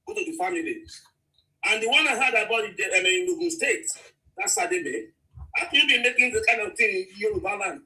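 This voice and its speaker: Caller: man, high bright voice, earnest and pleading. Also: low-quality recording. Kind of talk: call-in radio talk.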